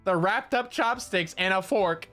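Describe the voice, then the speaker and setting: A VTuber streamer chatting casually, telling an animated, self-mocking story with lots of repeats. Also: mid-range voice, measured pace, faint music behind.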